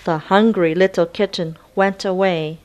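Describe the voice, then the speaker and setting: A woman narrating a children's read-along storybook with slow, clear, expressive reading. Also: fairly low pitch.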